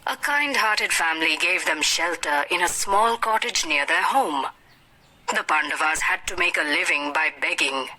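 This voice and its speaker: A woman teacher reading a story aloud for an English lesson, slow and expressive. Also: lowish voice, low-quality recording.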